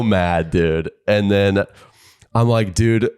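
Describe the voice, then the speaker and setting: A man's voice: lowish voice, lively intonation, fairly quick, a little mellow. A man co-hosting a podcast, telling a story animatedly, acting out both sides and laughing often. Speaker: podcast co-host. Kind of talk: casual chat.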